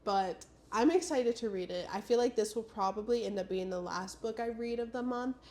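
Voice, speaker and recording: A woman's voice: on the high side, moderate pace, darkish tone. Stuffy-nosed young woman rambling about books. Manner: rambling, full of "like" and "I don't know". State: sick and stuffed up. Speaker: booktuber. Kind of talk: casual chatty book vlog.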